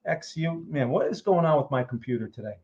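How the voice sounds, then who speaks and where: A man's voice: fairly high pitch, animated, a little fast, a little mellow. A man hosting a live trading stream, explaining charts in a casual way and often checking in with "okay?" and "right?". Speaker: trading livestream host. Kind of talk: casual live market commentary. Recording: muffled lo-fi audio.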